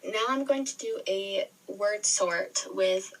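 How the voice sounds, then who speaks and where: A woman's voice: medium pitch, takes it slowly. A woman teacher explaining a spelling lesson step by step, patiently restating and correcting herself. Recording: video re-recorded from a screen, distant mic.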